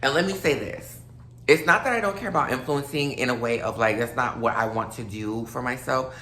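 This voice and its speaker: A woman's voice: rumbling low, a little fast, fairly bright tone, reverberant. A woman in her late twenties rambling casually to her viewers, a little tipsy and slightly slurred, with lots of fillers. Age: late 20s. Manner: loose, rambling, many fillers, addresses viewers as y'all. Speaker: vlogger. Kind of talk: casual rambling monologue to camera.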